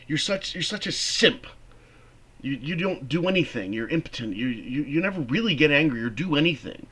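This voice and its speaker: A man voicing a bitter, sharp-tongued middle-aged wife who taunts her husband in a play reading. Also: on the high side, expressive, normal speed, slightly rough. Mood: taunting. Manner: taunting, mocking.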